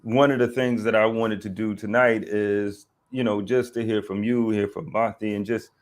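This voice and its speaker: A man's voice: lowish voice, fairly even intonation, normal speed. A man hosting an online discussion who rambles, restarts his sentences and banters easily with his guests. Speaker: host.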